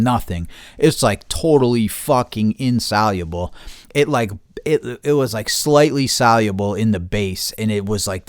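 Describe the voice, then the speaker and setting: A man's voice: on the low side, dry recording, clean studio sound. A man telling a story in casual podcast chat, profane, heated and rambling. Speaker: podcast host.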